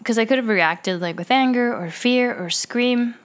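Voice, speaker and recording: A woman's voice: fairly high pitch, moderate pace, smooth. A woman who works at a dialysis clinic, telling personal stories in a rambling way, with many fillers and restarts. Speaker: dialysis clinic staff member. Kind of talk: casual personal storytelling.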